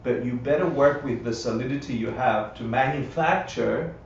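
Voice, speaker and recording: A man's voice: mid-range voice, moderate pace, slight background noise. A man teaching a live Buddhist class in a conversational way, often checking in with his listeners and acting out quotes. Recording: roomy, dull livestream audio from a distance.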